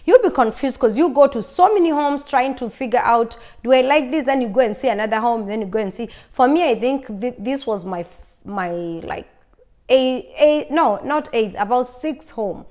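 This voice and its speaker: A woman with a somewhat high voice talks casually to her viewers. She is chatty and tells her own story, often repeating phrases and restarting sentences as she goes. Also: animated, normal speed, a little mellow. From lives in Arizona. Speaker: vlogger.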